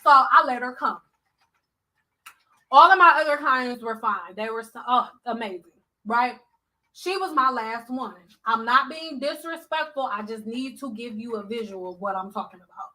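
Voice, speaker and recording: A woman hairstylist telling a blunt, animated storytime, acting out the people she quotes. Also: a little high, normal speed, poor audio. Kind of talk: storytime vlog.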